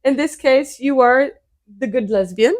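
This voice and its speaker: A woman co-hosting a podcast, reading quiz questions slowly and deliberately between light laughs. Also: sits high. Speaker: podcast co-host, quiz reader.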